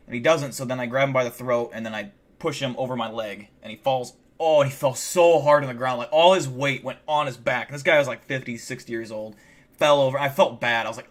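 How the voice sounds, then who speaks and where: A man's voice: medium pitch, quick pace. Profane, rambling male streamer. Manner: rambling and heavily profane, many fillers like "like". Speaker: live streamer. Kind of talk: casual live-stream storytelling.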